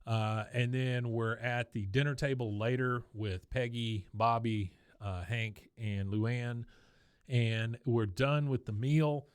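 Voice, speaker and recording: A man co-hosting a podcast, retelling a cartoon episode in a lively, casual way and often chuckling. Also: medium pitch, slow, clear, resonant tone, no echo, studio quality. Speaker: podcast co-host. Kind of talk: casual episode recap chat.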